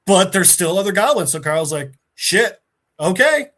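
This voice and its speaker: A man hosting a podcast, recapping a story in a casual, animated and profane way. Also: sits high, a little fast. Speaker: podcast host.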